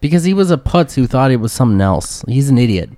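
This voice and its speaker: A man's voice: mid-range voice, sing-song, quick pace, dark tone, no room sound, clean studio sound, lightly acted. A man voicing a smug, dismissive male fey prince in a tabletop game. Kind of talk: tabletop game role-play.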